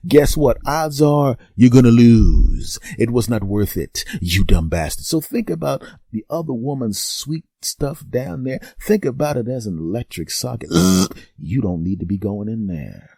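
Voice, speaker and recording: A man's voice: mid-range voice, mellow, no echo. A man hosting his own podcast, telling a profane comic story and acting out both sides of a conversation with a friend. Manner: profane, teasing. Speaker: podcast host. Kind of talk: solo comedic podcast monologue.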